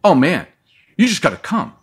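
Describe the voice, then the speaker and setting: A man's voice: sits high, huge pitch swings, fairly quick, a bit bright, slightly rough, pitched above the performer's own voice, full character voice. A man doing a pushy, eager woman on the phone. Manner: pushy, insistent, repeats herself.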